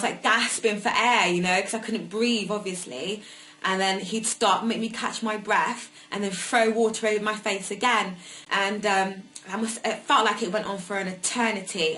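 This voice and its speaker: A woman's voice: medium pitch, a bit bright, poor audio. Hesitant young woman recounting. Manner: hesitant, with many fillers. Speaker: survivor sharing her story. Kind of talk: personal testimony.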